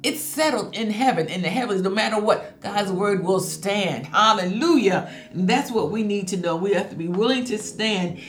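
A woman's voice: medium pitch, normal speed, few pauses. A woman preaching a sermon, reading scripture and saying hallelujah often. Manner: emphatic preaching, reads scripture, frequent hallelujahs. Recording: echoey room with faint music. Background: faint music.

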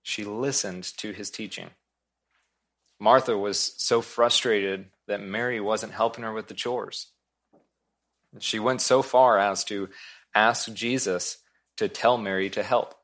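Male pastor with a deep voice, earnest and emphatic, restating key lines. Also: fairly even intonation, takes it slowly, a bit bright. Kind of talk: sermon.

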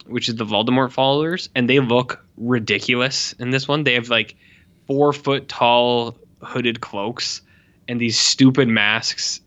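Young man, casual movie chat, bright forceful tone, dull lo-fi audio. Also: mid-range voice. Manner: animated, swears, mimics characters with squeals. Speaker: podcast co-host.

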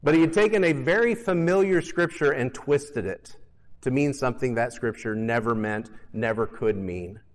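A man's voice: mid-range voice, moderate pace, long reverb tail. A male pastor preaching a conversational sermon with self-deprecating humor and emphatic repetition.

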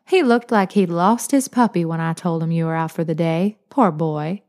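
A woman's voice: lowish voice, moderate pace, a little mellow, close to an everyday voice. Woman doing a teasing old grandmother. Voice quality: soothing, drawling.

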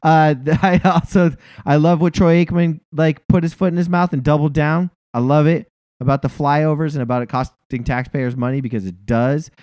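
A man's voice: on the high side, fairly even intonation, moderate pace, a little mellow, no echo, highs cut off. A man in his forties chatting casually as a podcast co-host. His talk rambles, full of fillers and chuckles. The recording is dry and close, with no room sound. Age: 40s. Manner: rambling, heavy on fillers and laughs. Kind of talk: casual sports chat.

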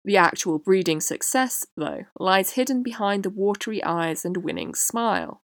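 A woman hosting a podcast, reading a prepared essay in a measured way. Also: mid-range voice, dry recording, studio quality. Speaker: podcast host. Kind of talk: scripted essay narration.

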